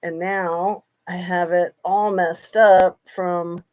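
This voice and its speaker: A woman's voice: lowish voice, flat delivery, slow, darkish tone. Chatty rambling woman livestreamer. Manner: chatty, rambling, sarcastic asides. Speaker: true crime livestream host. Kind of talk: casual livestream chat.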